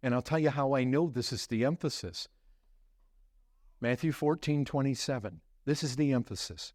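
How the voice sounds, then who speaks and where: A male pastor preaching a sermon, asking rhetorical questions and building to emphatic, lively delivery. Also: medium pitch, normal speed, no echo, studio quality.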